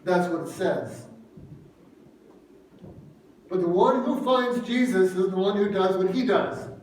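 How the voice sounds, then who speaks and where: A man's voice: sits high, measured pace, darkish tone, a little hiss or hum. A man preaching a sermon as pastor, earnest and emphatic, repeating phrases for weight. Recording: echoey room from a distance.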